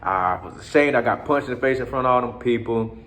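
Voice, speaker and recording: A man recalls his time overseas in a mid-range, fairly bright voice, talking quickly. It's a long, loose, slangy story, heavy on cursing, with frequent restarts and asides to the person listening.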